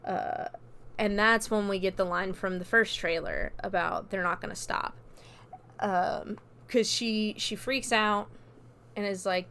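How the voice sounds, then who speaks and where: A woman's voice: mid-range voice, steady tone, measured pace, sharp tone, a little hiss or hum. Chatty woman recapping a horror film. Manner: chatty, loose with fillers and quoted dialogue. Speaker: podcast host. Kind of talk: casual movie recap.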